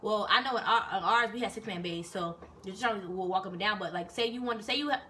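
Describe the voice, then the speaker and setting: A young woman and soldier telling stories in a casual, animated, profane and rambling chat, recorded indoors. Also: mid-range voice, fast talker. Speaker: vlogger and soldier. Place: indoors in Korea. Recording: distant mic with faint noise.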